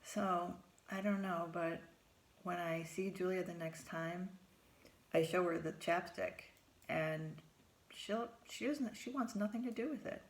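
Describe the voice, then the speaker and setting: Gravelly-voiced woman telling a personal story. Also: measured pace. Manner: acts out her own dialogue in a higher voice, drops to whispers for inner thoughts. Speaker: therapist.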